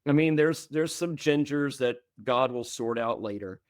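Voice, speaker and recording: A man in a podcast interview tells wild stories about himself in an animated, self-mocking way. He stutters over his words and leaps up high when he quotes other people. His voice sits at a middling pitch, recorded close and dry. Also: normal speed, clear, resonant tone, no echo. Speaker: guest, former reality show contestant. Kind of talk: casual storytelling in a podcast interview.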